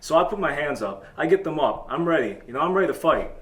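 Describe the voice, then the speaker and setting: A man hosting a comedy talk show, telling a boastful tall tale in a deadpan way. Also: fairly high pitch, fast talker. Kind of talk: comedic storytelling. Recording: echoey room.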